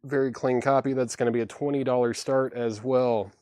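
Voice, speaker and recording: A man hosting a live vinyl record sale, listing titles, conditions and prices in steady patter with self-deprecating asides. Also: medium pitch, brisk, dry recording, clean studio sound. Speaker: host selling vinyl records on a livestream.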